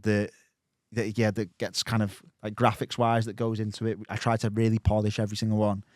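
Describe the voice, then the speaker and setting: A man's voice: lowish voice, little pitch movement, a little fast, a little mellow, no echo, studio quality. A man, chatting casually as a podcast guest, rambling with many restarts and fillers.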